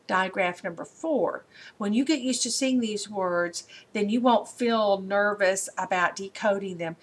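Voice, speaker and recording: A woman teaching a practice phonics lesson, talking to pupils and slowly sounding out words to them, recorded on a webcam. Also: mid-range voice, a bit bright. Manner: slow, encouraging, sounds out words.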